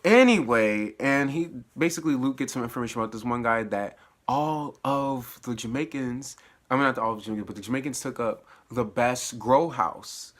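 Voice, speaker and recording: A man at home giving a slangy, animated spoken recap of a TV episode, dropping to low mutters and jumping to high exclamations and laughing often. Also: normal speed. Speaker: TV episode reviewer. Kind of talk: casual spoiler recap.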